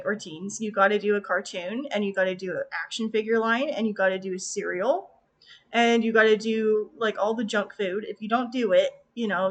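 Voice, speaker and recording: A woman's voice: a little high, a bit bright. A woman with a Valley Girl accent, chatting casually in a rambling way, full of fillers and self-asides. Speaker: artist and video creator. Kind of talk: casual chat.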